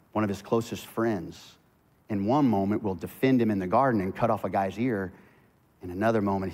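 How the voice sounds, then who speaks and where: A man preaching a sermon as pastor, telling stories with animated swings between loud excitement and hushed intensity. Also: deep voice. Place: church sanctuary. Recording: church hall reverb.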